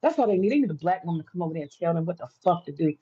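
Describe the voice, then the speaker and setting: A woman's voice: fairly low pitch, animated, rapid-fire, mellow, breathy edge, lo-fi sound. An American woman livestreaming to her viewers, ranting in a heated, profane, repetitive way. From United States. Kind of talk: casual livestream rant.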